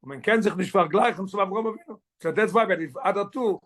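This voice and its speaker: A man, a rabbi, teaching a Torah class, explaining the text quickly and switching languages mid-sentence. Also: sits high. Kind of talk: Torah class, mixing English and Yiddish.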